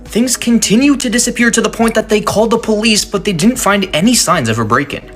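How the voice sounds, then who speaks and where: A man's voice: high voice, animated, fairly quick, a bit bright, faint music behind. A man giving scripted narration of a creepy story in a teasing, suspense-building way.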